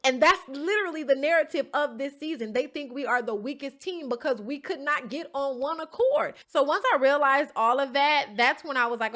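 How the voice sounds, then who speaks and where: Woman, fairly high, bright and forceful voice, emphatic storyteller who keeps checking in with her listeners. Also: lively intonation, fairly quick, hardly any pauses. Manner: swears casually, storytelling tone. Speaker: reality show contestant recapping an episode. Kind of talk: casual recap to camera.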